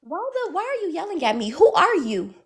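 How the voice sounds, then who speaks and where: A woman's voice: extremely high pitch, very animated, a little fast. A woman, venting in a heated, repetitive way, calling in to a live advice stream. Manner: heated, repeats phrases, rising to yelling. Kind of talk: emotional venting story.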